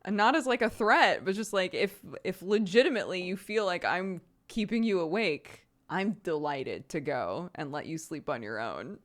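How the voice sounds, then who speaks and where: A woman streaming to her viewers in a casual chat, telling stories with lively laughter and acting out the voices of others. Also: lowish voice, moderate pace, few pauses. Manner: animated storytelling, frequent laughter; acts out quoted voices while retelling.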